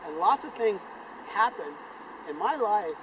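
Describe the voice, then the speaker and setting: A man's voice: measured pace, noisy background. An older man from South Carolina, telling a personal story to camera with sound effects and acted-out voices. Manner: animated, sound effects like boom and bam, acts out voices.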